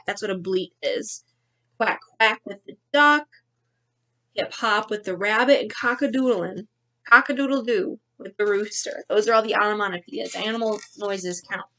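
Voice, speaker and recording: A young woman teacher reading a picture book aloud to children, expressive and playful with the sound words, then chatting to the kids about activities. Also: medium pitch, moderate pace.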